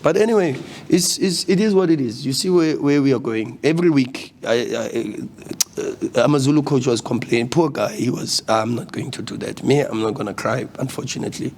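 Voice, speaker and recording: A man's voice: medium pitch, normal speed, hardly any pauses, darkish tone, a little hiss or hum. A man, a football coach speaking at a post-match press conference, passionate and repeating words when agitated. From South Africa.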